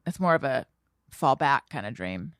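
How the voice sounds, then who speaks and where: A woman co-hosting a podcast in casual chat, animated and quick with jokes. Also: extremely low pitch, no room sound, clean studio sound. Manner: animated, laughing, quick asides. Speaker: podcast co-host.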